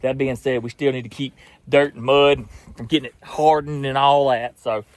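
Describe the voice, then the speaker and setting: A man's voice: medium pitch, steady tone, normal speed. A young man chatting casually in an outdoors vlog, laughing often, folksy. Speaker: outdoors vlogger.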